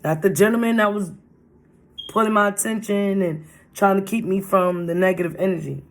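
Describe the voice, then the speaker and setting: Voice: medium pitch, fairly even intonation, moderate pace. Rambling storyteller. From Brooklyn, New York. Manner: rambling, repeats itself, slangy street talk. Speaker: vlogger. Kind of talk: casual storytime.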